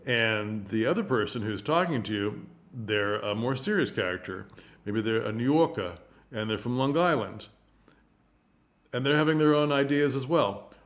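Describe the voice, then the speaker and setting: A man presenting a casual explanatory talk to camera, giving advice to theatres. He is plain-spoken, thinks aloud as he goes, and jumps up in pitch for emphasis. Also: animated, moderate pace.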